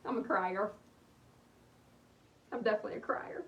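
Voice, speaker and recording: This thirtysomething East Texan woman, Texan accent and all, has a mid-range, expressive, fairly bright voice at normal speed, with long pauses. She crafts on a livestream while casually chatting and thanking viewers by name, recorded in an echoey room on a distant mic with a faint hum and the highs cut off.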